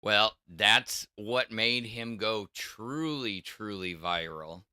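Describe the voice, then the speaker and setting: Slow, bright-voiced man chatting on a livestream. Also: on the low side, smooth, no room sound, clean studio sound. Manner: rambling, with stammered restarts. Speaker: podcast co-host. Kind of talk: casual livestream chat.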